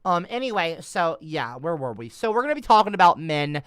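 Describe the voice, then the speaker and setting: A man doing rambling, sarcastic livestream commentary, cursing often, trailing off mid-sentence and swinging between mumbles and loud outbursts. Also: on the high side, very animated, fairly quick, very noisy.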